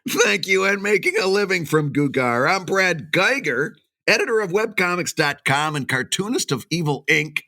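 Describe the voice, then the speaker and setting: A middle-aged man trading jokes as a podcast co-host, his voice bright and forward. His pitch swings widely as he teases and laughs along, and he sounds a bit under the weather with a cold. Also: moderate pace, few pauses, no room sound. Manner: animated, laughs often, teasing. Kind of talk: casual chat.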